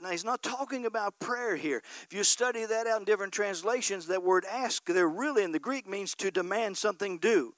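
High-voiced man preaching with fervor. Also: fairly quick, few pauses, fairly bright tone, dry recording. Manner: emphatic preaching, punctuated by frequent call-outs of "Amen?". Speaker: pastor. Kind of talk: sermon.

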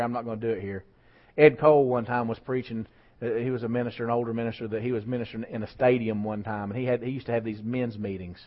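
A man preaches a sermon, his voice rising for emphasis and dropping for asides to the congregation. His pitch sits in the middle range. The recording sounds a little dull and lo-fi. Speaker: pastor. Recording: slightly dull lo-fi church recording.

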